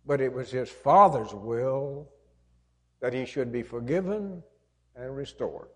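A man's voice: mid-range voice, takes it slowly. A man preaching a sermon, retelling a parable in an earnest, emphatic storytelling manner.

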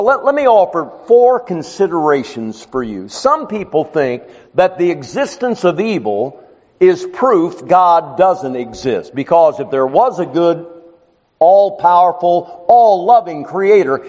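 A man preaching a sermon, telling the story in an animated, emphatic way. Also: fairly high pitch, big-room sound, muffled recording.

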